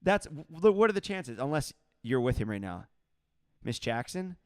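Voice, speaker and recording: A man, a saxophonist, casually chatting on his livestream and answering viewer comments in a relaxed, joking way, laughing often. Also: mid-range voice, normal speed, no room sound, clean studio sound.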